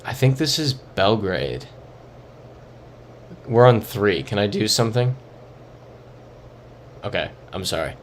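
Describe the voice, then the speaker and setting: There are big pitch swings in this young man's fairly low voice, and he speaks slowly with frequent pauses over a little hiss or hum. He is streaming a geography guessing game, casually muttering his thoughts and reading chat as live-stream commentary.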